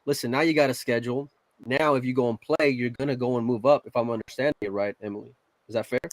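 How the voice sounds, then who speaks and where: Blunt podcast co-host, dry sound. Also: male voice, medium pitch, fairly even intonation, fast, no room sound, rough recording. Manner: blunt, emphatic. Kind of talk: casual podcast chat.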